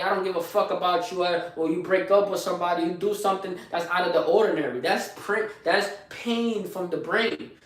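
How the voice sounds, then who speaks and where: High-voiced preachy young man, echoey stream. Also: distant mic. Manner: preachy, repetitive, street slang, asks "you heard?". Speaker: live streamer giving morning motivation. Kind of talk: casual motivational livestream talk.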